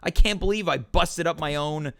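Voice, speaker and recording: A man hosting a casual solo livestream Q&A from home, talking in an animated, rambling, self-deprecating way. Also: on the high side, normal speed, gravelly. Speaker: talk show host.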